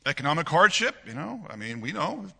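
Lively, bright-voiced preacher in a reverberant church. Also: male voice, fairly high pitch, a little fast, gravelly, slightly rough. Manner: animated, conversational preaching with frequent laughter and repeated words. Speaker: pastor. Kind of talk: sermon. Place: church sanctuary. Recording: long reverb of a church hall.

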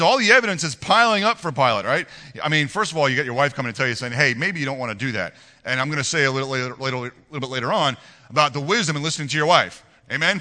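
A long reverb tail follows a man's fairly high voice as he preaches. Acting as pastor, he reads from scripture and explains it to the congregation with animated rhetorical questions.

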